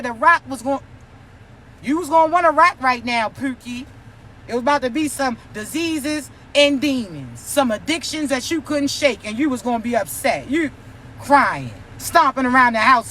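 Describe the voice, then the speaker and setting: A woman's voice: high voice, a bit bright, a little hiss or hum. A woman giving a spiritual reading, delivered as a brash, profane, teasing scolding. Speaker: spiritual reader. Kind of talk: spiritual warning rant.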